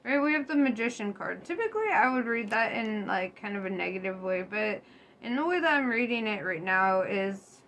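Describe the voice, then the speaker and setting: A woman's voice: mid-range voice, animated, normal speed, fairly bright tone. A young woman giving a casual tarot reading to her viewers, chatty and loose, laughing often and swearing freely. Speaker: tarot reader. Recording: faint background noise.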